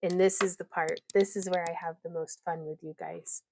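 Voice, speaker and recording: A woman's voice: lowish voice, fairly even intonation, normal speed, creaky, mellow, slight background noise. A woman hosting a casual crafting livestream, rambling, giggling often and reading viewer comments aloud.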